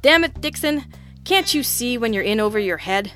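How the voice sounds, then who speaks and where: A woman reading the lines of a gruff, exasperated male police lieutenant who growls and scolds. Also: a little high, animated, a little fast, fairly bright tone, soft background music.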